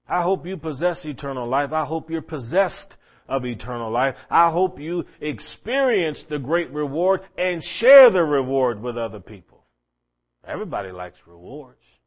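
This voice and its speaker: Man preaching a storytelling sermon. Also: mid-range voice. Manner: storytelling preacher, quoting scripture, swinging between hushed and raised.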